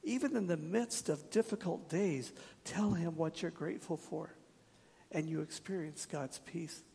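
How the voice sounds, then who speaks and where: A man's voice: a little high, vocal fry, darkish tone, breathy edge, in a large hall. A man preaching a sermon in an earnest, direct way, asking his congregation questions and slipping in wry jokes. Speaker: pastor.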